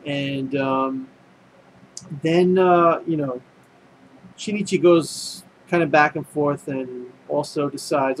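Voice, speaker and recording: A man's voice: a little high, fairly even intonation, takes it slowly, slight background noise, poor audio. A man casually recapping an anime episode, rambling and full of fillers and restarts. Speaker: anime reviewer.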